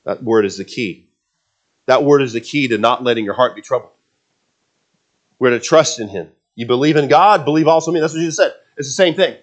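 A pastor delivers a sermon briskly in a mid-range male voice. He builds emphasis through repeated words and makes conversational asides to the congregation.

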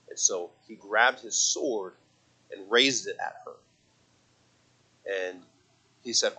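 A man preaching a sermon, swinging from loud impassioned passages to soft, quiet reflection and quoting scripture in old-fashioned wording. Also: lowish voice, fairly even intonation, normal speed, pauses often, husky, poor audio.

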